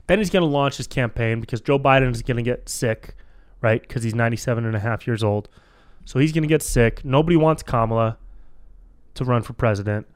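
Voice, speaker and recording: A man's voice: mid-range voice, fairly quick, no echo, clean studio sound. A man hosting a solo podcast, freestyling in a casual, rambling way, swearing freely and calling everyone dude, on a podcast microphone. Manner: casual, rambling, profane, says dude a lot. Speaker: podcast host.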